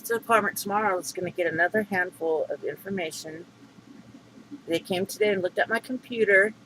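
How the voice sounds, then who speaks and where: Middle-aged man, high bright voice, rambling aggrieved vlog rant. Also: fairly quick, a little hiss or hum, low-quality recording. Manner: rambling, aggrieved, many fillers and restarts. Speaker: vlogger. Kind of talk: upset venting monologue.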